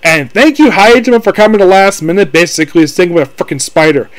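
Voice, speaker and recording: Rambling high-voiced man reviewing anime. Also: fast talker, no echo, poor audio. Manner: rambling, full of fillers like "basically" and "of course". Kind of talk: casual spoken review.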